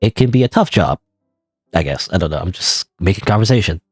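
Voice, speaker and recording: A man's voice: deep voice, lively intonation, a little fast, breathy edge, dry recording, studio quality, soft background music. Rambling young Canadian gamer guy. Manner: rambling and self-mocking, frequent restarts. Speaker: gaming streamer. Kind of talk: casual game commentary.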